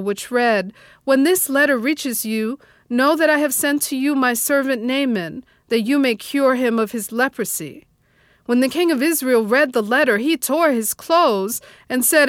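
A woman reading scripture aloud in a slow, measured liturgical style. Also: high-pitched, fairly bright tone, dry recording, clean studio sound. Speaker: scripture reader.

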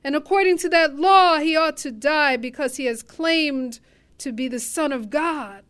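A woman voicing an angry crowd of accusers, pressing their demands with raised, insistent lines. Her voice stays high and the pace slow. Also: a bit bright.

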